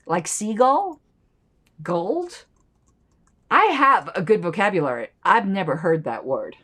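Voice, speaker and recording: A woman's voice: mid-range voice, sing-song, slow pace, a bit bright. A woman hosting a political commentary channel, reading an old newsletter aloud and breaking off into chatty, playful side remarks.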